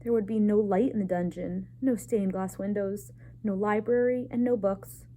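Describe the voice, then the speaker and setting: A woman librarian reads a chapter book aloud for children, expressive and lively in her storytelling. Her tone is mellow and warm. A faint hum sits under the voice. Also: mid-range voice, moderate pace.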